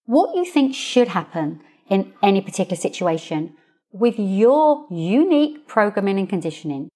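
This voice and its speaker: Expressive woman hosting a podcast. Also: medium pitch, moderate pace. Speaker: podcast host, coach and hypnotherapist. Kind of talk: solo podcast monologue.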